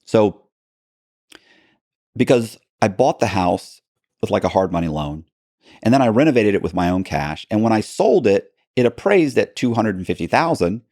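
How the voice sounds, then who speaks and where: A man's voice: fairly low pitch, very animated, moderate pace, a little mellow, dry recording, studio quality. A man, a podcast guest, telling a story in a casual, rambling way with many restarts. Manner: rambling, frequent restarts, acts out quoted dialogue. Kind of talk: casual storytelling in a long interview.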